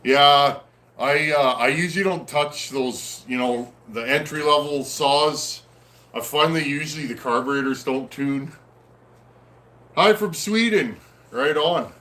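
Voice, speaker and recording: Guy doing a laid-back live chat, reading comments out loud, lots of ums and uhs, friendly, mid-pitched voice. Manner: friendly and easygoing, frequent "um" and "uh" pauses. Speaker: host of a livestream on chainsaw repair. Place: at home in a snowy area.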